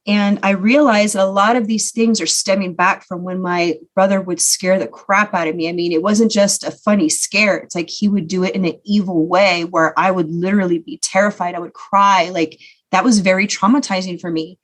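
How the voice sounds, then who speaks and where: A woman's voice: mid-range voice, steady tone, normal speed. Woman telling her own story, earnest. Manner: earnest, reflective, with frequent "you know". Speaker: podcast guest. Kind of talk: personal storytelling.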